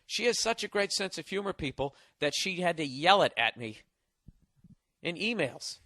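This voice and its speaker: A man's voice: fairly high pitch, sing-song, moderate pace, pushed and bright, no echo, clean studio sound. A man hosting a podcast, delivering a sarcastic, mocking and profane comedic monologue. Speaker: podcast host.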